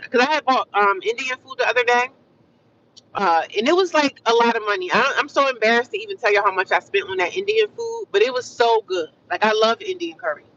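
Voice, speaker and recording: An American woman chatting casually with her livestream viewers, animated and repetitive, calling them honey and sis. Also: on the high side, recorded from a distance, muffled recording, a little hiss or hum. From United States. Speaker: livestream vlogger.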